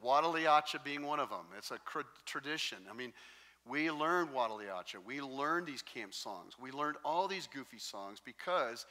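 A male pastor delivers a sermon, spinning stories in an animated, jokey way. His voice is bright and forward, sitting at an average pitch for a man. The sound carries a long, lingering reverb from a large hall. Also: moderate pace. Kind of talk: sermon with storytelling.

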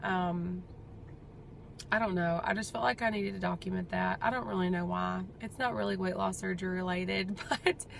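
Chatty, gravelly-voiced woman vlogging. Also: on the low side, steady tone, moderate pace, slight background noise. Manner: chatty, rambling, heartfelt. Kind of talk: casual personal update vlog.

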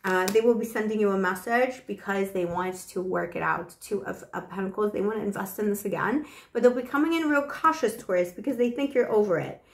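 Speaking briskly in a gravelly, mid-range voice, a tarot reader chats affectionately to camera during a casual reading, using fillers such as "you know." She's slightly out of breath, and the recording has a roomy sound.

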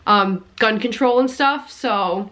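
Young woman, high voice, impassioned vlog commentator. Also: slow, fairly bright tone. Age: young adult. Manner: heated, lots of "like" fillers. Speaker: commentary YouTuber. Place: home basement.

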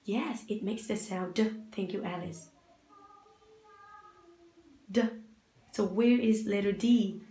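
A woman's voice: mid-range voice, takes it slowly, long pauses, mellow. A young woman teaching an English lesson to children over a video call, patient and encouraging. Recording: echoey room, faint noise.

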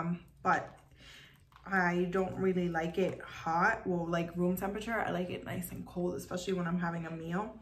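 A woman's voice: lowish voice, fairly even intonation, unhurried. A woman chatting casually in a cooking vlog, rambling with lots of fillers while she makes food at home. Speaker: vlogger.

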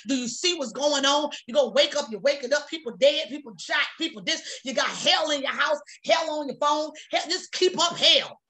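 Woman preaching, fiery repetitive delivery, high bright voice. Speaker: prophetess. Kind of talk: preaching on a prayer broadcast.

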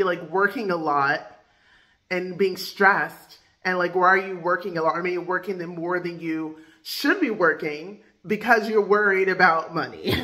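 Woman, life coach, bright clear voice, loose chatty coaching talk, filler-heavy. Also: fairly low pitch.

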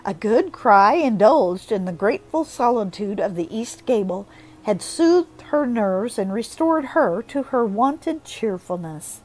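A woman narrating a classic novel as an audiobook, with expressive storytelling. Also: fairly high pitch, a little slow, rough recording.

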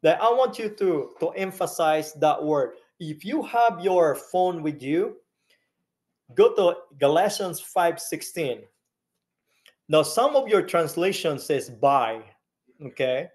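Guy pastor w a teaching a sermon, slow n steady, kinda high voice, keeps asking the crowd stuff. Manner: teaching Bible study, questions the congregation.

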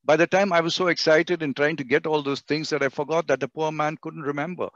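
A man with an Indian English accent giving a webinar lecture on communication, swinging his voice high and low to show his points. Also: steady tone, fast talker, few pauses, no echo. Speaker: guest speaker on communication. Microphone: computer mic on a video call. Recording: dry, dull webinar audio.

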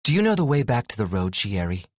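A man's voice: on the low side, very animated, fast, dry recording, studio quality. A man voicing a young woman witch in a fantasy audiobook, anxious but determined, speaking urgently.

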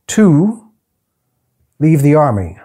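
Guy doing a polite little healer man, soft formal storybook voice, dark and husky. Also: a little high, big pitch swings, voice pushed up, heavily acted. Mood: calm, courteous. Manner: formal, soothing, slow and careful.

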